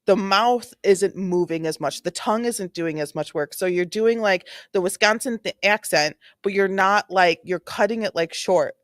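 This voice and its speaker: A woman's voice: mid-range voice, moderate pace, few pauses, no echo, studio quality. A woman hosting a true-crime livestream, giving casual, rambling commentary full of "like" as she reacts to a clip. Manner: chatty and rambling, heavy use of "like". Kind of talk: casual live commentary while watching a clip.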